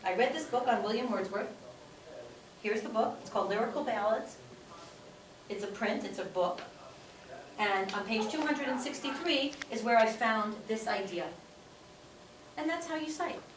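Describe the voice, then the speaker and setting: Woman teacher, higher voice, talks to her class, repeats herself for emphasis, recorded on a distant mic in a roomy classroom. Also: animated, moderate pace, long pauses, a crowd in the background. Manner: repeats points for emphasis, checks in with "okay?". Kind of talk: classroom lecture. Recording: echoey room, distant mic, faint room noise.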